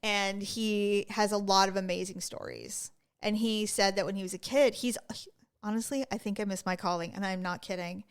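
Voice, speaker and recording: Smooth-voiced woman telling animated stories. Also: medium pitch, moderate pace. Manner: animated storyteller acting out quoted voices. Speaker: podcast co-host. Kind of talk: casual chat.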